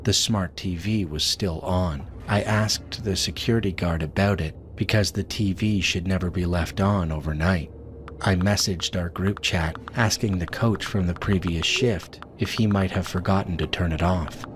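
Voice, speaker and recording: A man narrating a scripted horror story in a measured, steady way. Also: low voice, slight background noise. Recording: voice-over with music behind.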